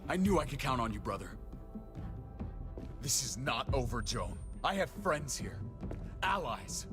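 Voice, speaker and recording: A man's voice: medium pitch, sing-song, unhurried. An actor playing a betrayed, vengeful man in a story game, bitter and accusing. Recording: game audio with score. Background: game music.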